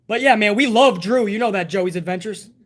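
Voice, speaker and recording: A man talking on a live stream in a loose, casual way, swearing often and thanking viewers by name. His banter is relaxed and conversational, speaking straight to his audience. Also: high-pitched, fairly quick. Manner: profane, laid-back banter, reading viewer messages.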